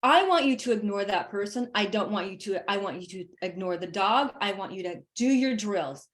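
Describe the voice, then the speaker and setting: Animated, emphatic woman dog trainer. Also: medium pitch, moderate pace. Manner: animated, laughs often, punchy emphatic asides. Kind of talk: casual instructional chat.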